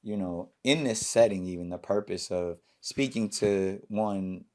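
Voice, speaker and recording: Talk host, man in his forties, loose and excitable, trails off into fillers. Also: lowish voice. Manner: animated, laughing bursts, halting with fillers. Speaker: podcast host. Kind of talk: casual interview chat.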